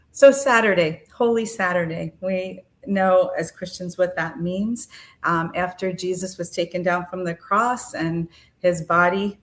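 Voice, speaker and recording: A middle-aged woman hosting a podcast, telling a personal spiritual story in an unhurried, reflective way with frequent ums and uhs. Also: lowish voice.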